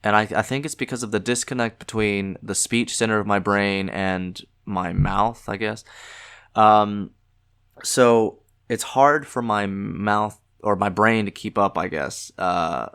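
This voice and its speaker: A young man with a Southern US accent talks alone into a podcast mic, his voice nasal and sitting a little low. He speaks haltingly, restarting sentences and leaning on filler words. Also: creaky, fairly bright tone, clear, resonant tone. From American South. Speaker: podcast host. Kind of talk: solo podcast monologue.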